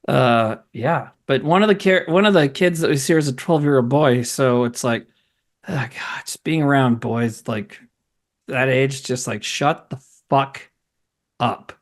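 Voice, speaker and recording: A man's voice: mid-range voice, unhurried. A middle-aged man co-hosting a podcast, chatting casually and rambling, swearing and laughing often. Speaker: podcast co-host. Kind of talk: casual chat.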